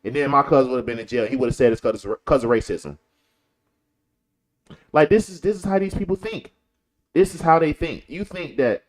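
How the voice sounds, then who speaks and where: A man's voice: fairly high pitch, animated, a little fast, a little mellow. A man from Chicago talking in a casual, slangy commentary style, repeating points for emphasis. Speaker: commentary show host. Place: lives in Texas.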